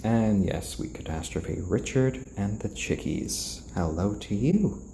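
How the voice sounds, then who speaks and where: A man hosting a casual live stream, talking in a soft, slow, soothing voice to keep his chickens calm while he reads out viewer comments. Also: fairly low pitch, vocal fry, a little hiss or hum. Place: indoors, roomy. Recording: roomy echo.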